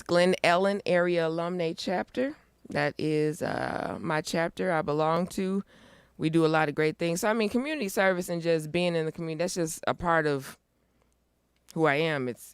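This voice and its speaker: A middle-aged woman chats as an interview guest, upbeat and emphatic, with a lot of push behind her points. Her voice is smooth and clean, and the sound is dry and close with no room around it. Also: deep voice, no echo. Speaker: guest, nonprofit founder. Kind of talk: casual interview chat.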